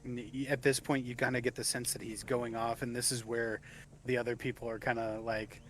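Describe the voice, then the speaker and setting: A man's voice: mid-range voice, little pitch movement, a little fast. A man narrating as game master with many fillers, voicing the tavern patrons himself.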